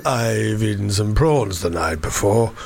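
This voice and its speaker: A man putting on an impression of a suave, aging male film star, with a deeper voice than his own. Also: animated, unhurried, gravelly, a little mellow, a little hiss or hum. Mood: pompous.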